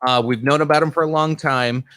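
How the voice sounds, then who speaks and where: A man hosting a casual podcast, reading out viewer comments in a halting way full of ums. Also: fairly high pitch, steady tone, a bit bright, no echo, studio quality. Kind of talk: casual chat.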